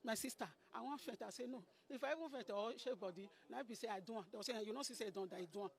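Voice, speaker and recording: A woman's voice: a little high, quick pace, gravelly. A middle-aged woman with a Nigerian Pidgin English accent, giving an emotional account to a reporter, often calling her listener "my sister". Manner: pleading, repeats phrases, addresses listener as sister. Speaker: interviewee, landlady caretaker.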